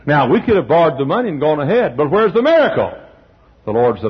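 A male pastor preaching a sermon in a church, telling stories, acting out the people in them and often clearing his throat. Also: fairly high pitch, big pitch swings, quick pace. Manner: storytelling, acting out quotes, frequent throat clearing. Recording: dull lo-fi sermon recording.

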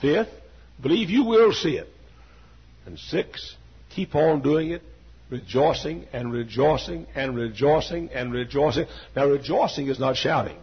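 A man in his sixties preaching a sermon with an emphatic, repetitive cadence that swings from hushed to loud. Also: mid-range voice, animated, a little slow, breathy edge, muffled recording. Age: 60s. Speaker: pastor.

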